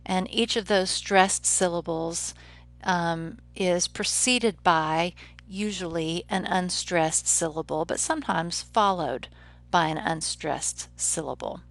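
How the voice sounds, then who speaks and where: A woman professor giving a recorded lecture on poetry, explaining in a measured way and slowing down to read poem lines aloud. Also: fairly low pitch, fairly bright tone, dry recording.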